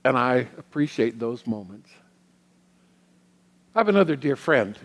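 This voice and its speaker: A middle-aged man giving a sermon as a guest minister. He tells personal stories in a reflective way, with pauses. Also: mid-range voice, sing-song. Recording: long hall reverb.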